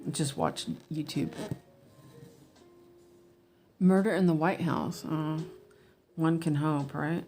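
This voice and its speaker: A woman chatting casually as she stitches, answering viewers and muttering quietly to herself as she works. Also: low-pitched, fairly even intonation, slow pace, long pauses, soft background music. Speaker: cross-stitch designer and streamer.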